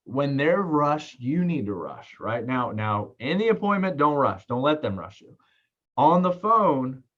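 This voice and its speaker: A man coaching salespeople in a casual, fast talk who keeps checking in with "right?". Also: medium pitch, very animated, a bit bright, muffled recording. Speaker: sales trainer.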